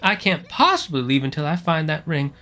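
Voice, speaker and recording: A man's voice: a little high, very animated, moderate pace, fairly bright tone, soft background music, heavily acted. A man voicing a clingy, melodramatic lovestruck woman with a Southern belle drawl, gushing and demanding. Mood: fretful.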